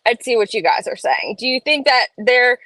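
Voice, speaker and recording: Casting: woman, slightly high voice, chatty live-stream host, dry close sound. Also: normal speed, bright, forceful tone, no room sound, rough recording. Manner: chatty, reads chat aloud, opinionated asides. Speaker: livestream host. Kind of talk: casual live-stream chat. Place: home room.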